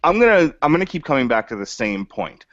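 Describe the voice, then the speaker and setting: Male co-host, casual movie review chat, lively pitch, dry muffled sound. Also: dry recording. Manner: animated, laughs often, halting restarts. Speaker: podcast co-host. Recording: dull lo-fi dry audio.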